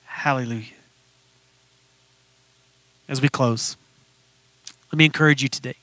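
A man's voice: medium pitch, fairly even intonation, unhurried, long pauses, sharp tone, no room sound. A male preacher closing his sermon with earnest, emphatic storytelling.

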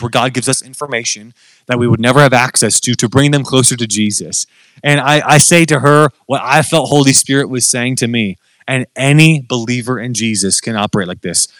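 A man preaching a sermon in church, telling stories in a casual, conversational, animated way. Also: fairly high pitch, dry recording, low-quality recording.

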